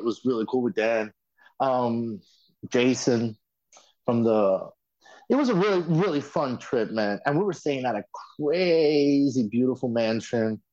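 Guest man, loose and enthusiastic, with a dull, low-fidelity sound. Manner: effusive, excitable, loose and profane. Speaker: reality show alumnus guest. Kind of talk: casual podcast chat.

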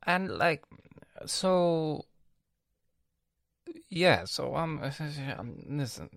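Young London man for a podcast rant: gravelly voice, dry close sound, slangy and sweary, acts out family members. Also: fairly high pitch, very animated, drawn-out words, a bit bright, no room sound. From England. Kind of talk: casual ranting monologue.

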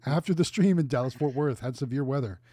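A man's voice: mid-range voice, quick pace, warm tone, breathy edge, dry recording. A man co-hosting a livestream, reacting to stories and reading out viewer messages. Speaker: co-host reading super chats. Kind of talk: casual chat.

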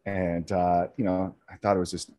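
A man guest on a podcast, telling stories casually and getting animated as he laughs. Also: low-pitched, normal speed. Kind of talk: casual storytelling.

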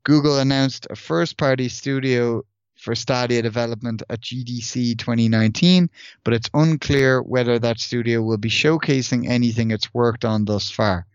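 A man co-hosts a gaming podcast, rambling through his points and circling back on his own words. His voice sits at an ordinary middle pitch. The recording is dull and lo-fi, with a close, dry sound and no room echo. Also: steady tone, moderate pace, clear, resonant tone. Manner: rambling, many restarts and fillers. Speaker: podcast co-host. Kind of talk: casual gaming podcast chat and news reading.

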